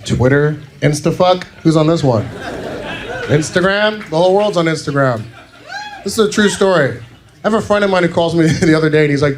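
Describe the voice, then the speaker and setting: A man's voice: fairly high pitch, brisk, a faint crowd. A man doing a stand-up set in a comedy club, telling a crude story in an incredulous tone.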